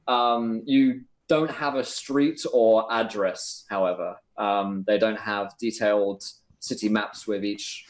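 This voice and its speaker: Rambling English game master. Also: male voice, lowish voice. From England. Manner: rambling, filler-heavy, laughs easily. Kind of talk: narrating a tabletop game.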